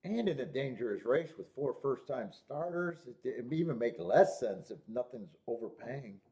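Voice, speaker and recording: With lively intonation and a warm tone, a man hosts a live horse racing broadcast at a normal pace in a mid-range voice. He talks loosely about his bets, swears, restarts, and keeps up a running commentary to himself during the races.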